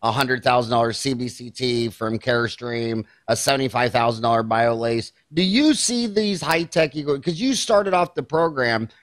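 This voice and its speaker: An older man from Kansas hosting a podcast interview, asking blunt, animated questions. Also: medium pitch, normal speed, few pauses, no echo. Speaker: podcast host. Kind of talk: casual interview.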